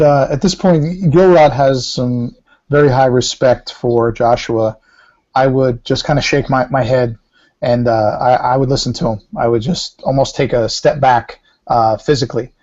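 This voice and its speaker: A man's voice: mid-range voice, fairly even intonation, a little slow, darkish tone. A man plays a tabletop game and hesitantly describes his character's choice. The audio sounds dull and lo-fi. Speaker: player.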